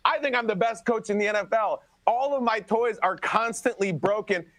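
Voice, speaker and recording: A man in an animated, sarcastic sports rant, sounding exasperated and mock-outraged. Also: sits high, moderate pace, no echo.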